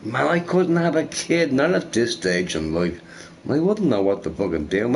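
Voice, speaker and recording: A young man rambling casually while streaming a game, swearing freely and telling stories in an animated way. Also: medium pitch, normal speed, a little hiss or hum. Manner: profane, rambling, animated storytelling. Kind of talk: casual rambling chat over gameplay.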